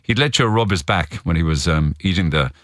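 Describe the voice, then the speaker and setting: Lively male radio host. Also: low-pitched, a little fast. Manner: chatty, hesitant restarts, lively delivery. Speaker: radio talk show host. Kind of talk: radio phone-in chat.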